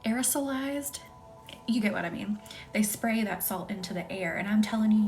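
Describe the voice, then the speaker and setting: A young woman hosting a live Reiki stream, chatting casually with viewers by name and often dropping into a soft whisper. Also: mid-range voice, fairly even intonation, moderate pace. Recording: faint music behind.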